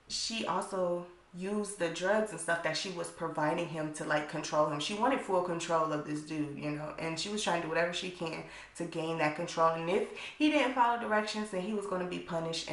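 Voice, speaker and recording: A woman's voice: fairly low pitch, creaky. A young woman casually recapping a TV episode for her channel, chatty and blunt, with frequent profanity and lots of "like". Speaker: YouTuber reviewing a TV episode. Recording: echoey room.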